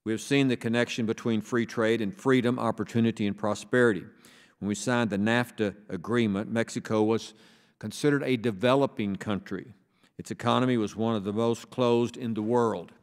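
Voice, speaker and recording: A man from Texas chairing a congressional subcommittee hearing, reading a formal opening statement in a measured, deliberate way and slowing down for emphasis. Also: on the low side, fairly even intonation. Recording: reverberant hearing room.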